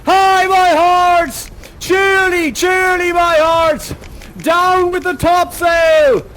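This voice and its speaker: A man playing a ship's bosun, shouting frantic orders to sailors in a storm. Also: very high voice, little pitch movement, drawn-out words, slight background noise, voice pushed up, exaggerated voice.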